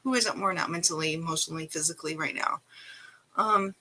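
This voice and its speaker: A woman's voice: deep voice, brisk, bright, forceful tone, low-quality recording. A woman vlogger talking in a casual, rambling, earnest way, giving encouragement. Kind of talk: casual motivational monologue.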